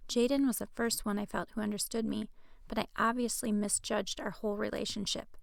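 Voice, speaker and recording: A woman's voice: mid-range voice, little pitch movement, brisk, gravelly, no echo, studio quality. A woman reading her own novel aloud as an audiobook, telling the first-person story with a wry tone. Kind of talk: audiobook narration.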